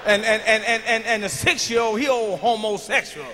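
A man doing a stand-up routine on an arena stage, loud and profane, shouting his punchlines into a handheld mic. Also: high-pitched, steady tone, normal speed, a little hiss or hum. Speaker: stand-up comedian. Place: large arena stage with live audience. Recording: live arena recording with long reverb.

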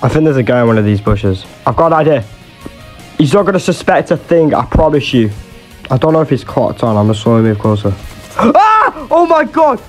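A man's voice: mid-range voice, very animated, fast, darkish tone, faint music behind. A young man giving swearing, exasperated, jokey commentary over his own gameplay. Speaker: gaming YouTuber.

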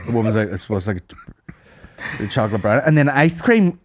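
A man co-hosting a podcast, telling a story with lots of swearing and high-pitched mimicry. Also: normal speed, a little hiss or hum. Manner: animated storyteller, swears a lot, mimics people in high voices. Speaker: podcast co-host. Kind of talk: casual chat.

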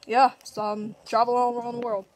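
A woman hosting a toy play video and narrating it in an excitable way, with shrieks and gasps. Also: on the high side, moderate pace, slight background noise. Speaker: channel host.

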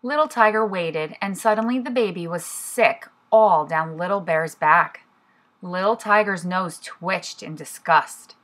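A preschool teacher reads a picture book aloud to young children, expressive and clear. Her voice sits a touch lower than most women's. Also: unhurried.

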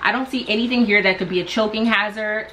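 A woman vlogger excitedly unboxing products and gushing over each item. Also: mid-range voice, quick pace, slight background noise, rough recording. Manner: gushing, enthusiastic.

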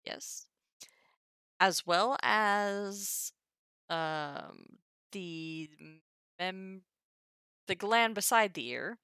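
Bright, lively woman explaining Greek. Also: mid-range voice, drawn-out words, long pauses, clean tone, dry recording, studio quality. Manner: thinks aloud, muses over the text, wry asides. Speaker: streamer teaching Ancient Greek. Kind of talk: casual live-stream lesson.

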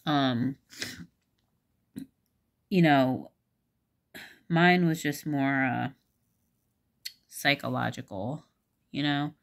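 A low-voiced woman tells a personal story in a loose, casual vlog. She rambles and halts, fills pauses with ums and likes, and swears freely and frankly. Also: steady tone, vocal fry. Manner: rambling, halting, with many fillers.

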